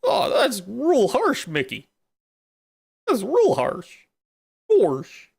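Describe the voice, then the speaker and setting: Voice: mid-range voice, wildly swooping pitch, drawn-out words, creaky, a little mellow, husky, voice pushed up, exaggerated voice. A streamer voicing a dopey, good-natured cartoon dog with a drawling, slightly whiny delivery. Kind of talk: comedic impression on stream.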